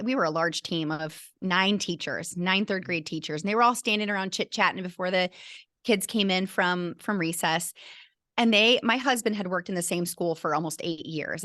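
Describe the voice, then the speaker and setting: As a guest in an interview, the middle-aged woman, a teacher who also coaches people through burnout, tells her own story with earnest emotion and many restarted sentences. Her voice sits on the low side with a bit of brightness, captured in a dry, clean studio recording.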